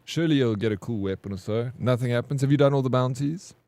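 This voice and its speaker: Talking fast in a medium-pitched, dark-toned voice, this man plays a game on stream and trades playful, teasing banter with his viewers, reading their chat out loud. The recording has no echo.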